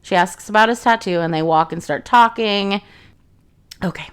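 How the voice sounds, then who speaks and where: A woman's voice: medium pitch, moderate pace, clear, resonant tone. A young woman casually recapping a fantasy novel in a chatty, sarcastic way, swearing freely. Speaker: book reviewer.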